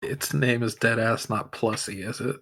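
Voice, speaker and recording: A man's voice: medium pitch, normal speed, creaky, a bit bright, husky. A man playing in a tabletop game, chatting in a laid-back, offhand way. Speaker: player. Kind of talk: casual chat during a tabletop game.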